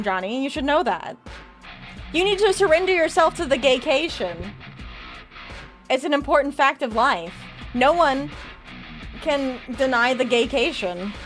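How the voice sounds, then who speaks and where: Chatty high-voiced woman streamer. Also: fairly bright tone. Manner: chatty, rambling, quick to laugh. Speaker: live streamer opening trading cards. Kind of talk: casual live-stream chat.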